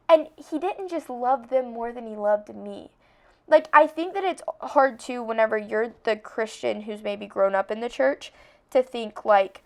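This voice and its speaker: A woman's voice: sits high, moderate pace. A young woman hosting a podcast, talking earnestly and casually about her faith, with lots of "like" and restarts. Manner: chatty, earnest, heavy use of "like". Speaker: podcast host.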